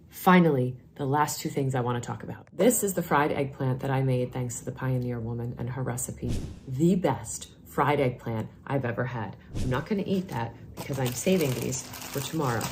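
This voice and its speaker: Woman, New York accent, low voice, enthusiastic beauty vlog chat, middle-aged. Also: lively intonation, moderate pace, hardly any pauses, slight background noise. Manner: chatty, enthusiastic, gushing. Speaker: vlogger, nurse. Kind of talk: casual product review vlog.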